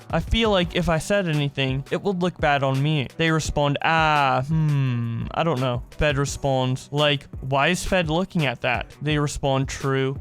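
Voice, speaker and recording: A man hosting a commentary video, reading out message exchanges aloud and adding short reactions of his own. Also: on the high side. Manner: reads message exchanges aloud in a flat narrating voice, with brief reactions. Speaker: commentary host.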